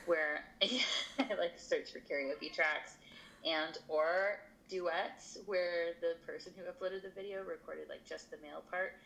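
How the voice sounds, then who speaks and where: A woman guest on a podcast interview over a video call, thoughtful with many pauses and ums, laughing easily. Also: on the low side, steady tone, gravelly, fairly bright tone, low-quality recording.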